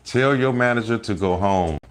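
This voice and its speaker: A man with a fairly low voice hosts a live stream, joking and rambling to his viewers in a loud, teasing way. He keeps breaking into laughter, and faint music plays behind him. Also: moderate pace. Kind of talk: casual comedic live stream chat.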